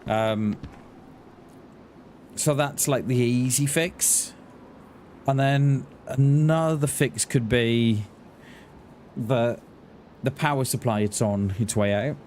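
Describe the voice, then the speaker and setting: Man, game streamer, slow rambling chat, hesitant restarts, clear game noise behind. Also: medium pitch, a little mellow. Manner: rambling, hesitant, repeats words. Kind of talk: casual live-stream chat.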